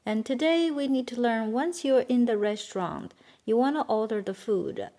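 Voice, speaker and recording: A woman with a Chinese accent, a native Chinese speaker, teaching a beginner language lesson and patiently repeating words slowly for learners. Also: fairly high pitch, mellow.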